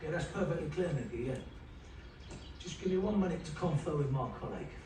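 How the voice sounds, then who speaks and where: A man's voice: fairly high pitch, animated, a little fast, distant mic, background noise, close to an everyday voice. An actor playing a baffled, wry male outsider in a film, heard from a clip played in an echoey hall. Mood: bemused.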